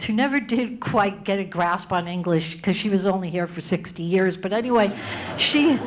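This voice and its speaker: A woman comedian from the United States telling a stand-up story in a wry, animated way, wandering into tangents. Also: medium pitch.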